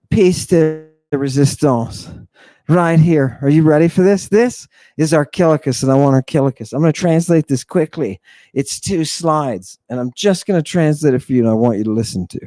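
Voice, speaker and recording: Male host, raised pitch, unhurried delivery; mocking, theatrical classics lecturer with big swings from loud to hushed. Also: dry recording. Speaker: host lecturing on ancient texts.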